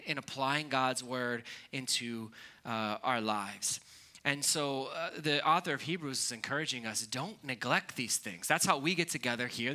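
Bright-voiced pastor preaching casually. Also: male voice, on the high side. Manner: conversational, animated storytelling with fillers. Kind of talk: sermon.

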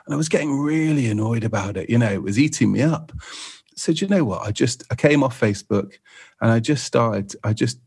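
A man's voice: medium pitch, animated, fairly quick, a little mellow, slightly rough. A man, a photographer guest on a podcast, chatting in a rambling way with lots of fillers. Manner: rambling, lots of "you know". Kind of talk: casual podcast chat.

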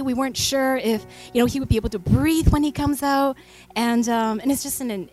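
A woman's voice: a little high, darkish tone. A woman in her thirties preaching a sermon in a church, speaking into a stage microphone in a chatty storytelling way with many fillers. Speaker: pastor.

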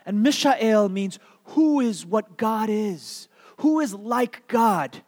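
A man's voice: high voice, expressive, slow, a little mellow, long reverb tail. A man preaching a sermon, telling a story with playful questions to the congregation and repeating key words for emphasis. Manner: playful, asks the audience questions. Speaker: pastor.

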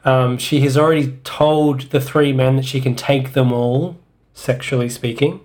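A man's voice: medium pitch, fairly even intonation, normal speed, a little mellow. A man co-hosting a comedic podcast, summarizing and reading a book aloud in a dry, reluctant, matter-of-fact way. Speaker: podcast co-host.

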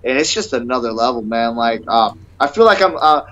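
A man's voice: mid-range voice, lively intonation, a little fast, fairly bright tone. A young man, a fighter guest on a podcast, talking eagerly and rambling, with "bro" and "man" at every turn. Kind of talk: casual interview chat. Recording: dull lo-fi sound.

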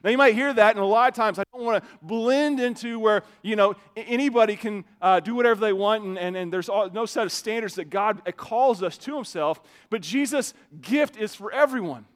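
A man, a pastor, preaching a sermon in a conversational way, often repeating words as he starts a phrase and swinging from soft asides to loud emphatic lines. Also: high voice, a little fast, hardly any pauses.

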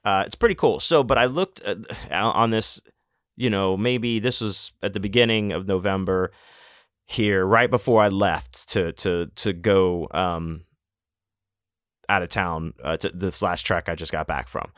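A man's voice: sits low, measured pace, a bit bright, no room sound, studio quality. A man hosting a podcast, talking in a casual, rambling monologue full of restarts and fillers, with the odd swear word. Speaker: podcast host.

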